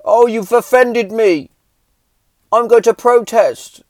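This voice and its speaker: A man mimicking a sulky, self-pitying protester in a mocking high whine. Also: slow pace, a little mellow, dry recording. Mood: whining.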